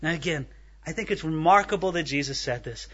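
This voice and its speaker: A man's voice: fairly high pitch, lively intonation, a little fast, a bit bright, highs cut off. A man preaching a verse-by-verse sermon, telling stories and asking his listeners rhetorical questions. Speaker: pastor. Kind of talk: expository sermon.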